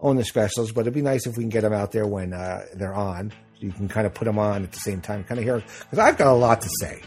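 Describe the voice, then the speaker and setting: A man's voice: on the low side, fast talker, husky, faint music behind. A middle-aged man hosting a podcast in casual chat, rambling with lots of fillers and restarts. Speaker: podcast host.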